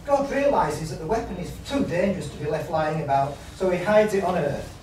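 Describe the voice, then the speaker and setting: A man reading a story opening aloud to a live audience in a grand, measured way. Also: on the high side, animated, darkish tone. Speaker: author reading his story. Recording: echoey hall, far mic, faint noise.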